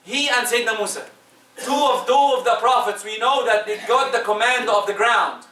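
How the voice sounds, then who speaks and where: A man delivers a Friday sermon in a strikingly high, bright voice, pushing hard on key words and then dropping low and soft. He sounds like he is in a reverberant prayer hall, picked up from some distance by the mic. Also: fairly quick. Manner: emphatic, swinging between loud rises and soft drops. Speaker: preacher. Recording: echoey room, distant mic.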